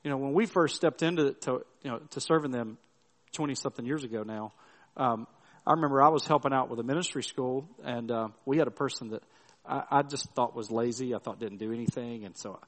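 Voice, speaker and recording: A middle-aged man preaches at an ordinary pitch, telling stories casually, restarting phrases and checking in with his listeners. His voice carries a long reverb that rings through a church hall. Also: fairly quick. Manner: conversational storytelling with restarts and tag questions. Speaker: pastor. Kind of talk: sermon.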